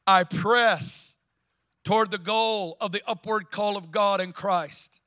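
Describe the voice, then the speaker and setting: Male Southern US pastor, sermon in a church; high, bright, punchy delivery that swells into loud declarations. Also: steady tone, slow. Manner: emphatic preaching, building to loud declarations. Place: church sanctuary.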